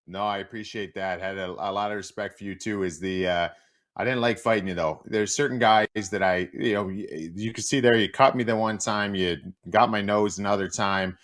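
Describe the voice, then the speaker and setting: A man co-hosting a casual show, a former hockey player telling stories in a lively, loose way, swearing freely and using plenty of fillers. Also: fairly low pitch, normal speed. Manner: animated storyteller, swears freely, many fillers. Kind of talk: casual storytelling chat.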